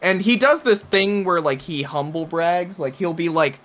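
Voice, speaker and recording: A man's voice: high-pitched, moderate pace, few pauses, fairly bright tone. A man co-hosting a casual podcast, explaining at length with lots of fillers and restarts. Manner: rambling, filler-heavy explaining. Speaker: podcast co-host.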